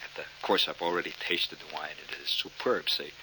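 A man's voice: a bass voice, steady tone, a little fast, background noise. A male comedian telling a rambling story full of fillers and restarts. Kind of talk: stand-up storytelling.

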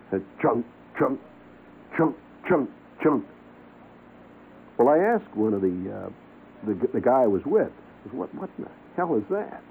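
Lo-fi radio recording of a storytelling man. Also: on the low side. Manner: animated storyteller, imitates sounds, chuckles. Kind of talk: anecdotal storytelling. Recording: phone-like lo-fi radio recording with faint noise.

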